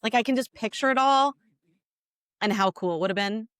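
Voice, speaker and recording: Excitable woman, dry close mic. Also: a little high, fairly quick, dry recording. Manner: excitable, exclamatory, many restarts. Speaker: podcast co-host. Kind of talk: casual podcast chat about TV dramas.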